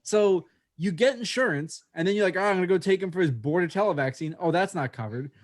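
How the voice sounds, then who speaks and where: A man co-hosting a podcast, telling a story in casual chat with lots of swearing and animated delivery. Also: sits high, quick pace. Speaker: podcast co-host.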